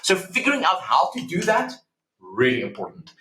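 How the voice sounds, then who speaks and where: A man talking as a psychology professor guest in a casual podcast interview, explaining earnestly with lively anecdotes and many ums. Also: on the high side, normal speed. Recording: roomy echo.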